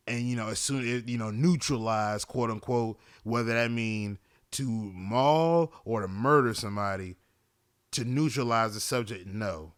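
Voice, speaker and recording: A man's voice: medium pitch, fairly bright tone, clear, resonant tone, no room sound, studio quality. A man hosting a podcast in a casual monologue, rambling, swearing freely and often asking "you know what I'm saying". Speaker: podcast host.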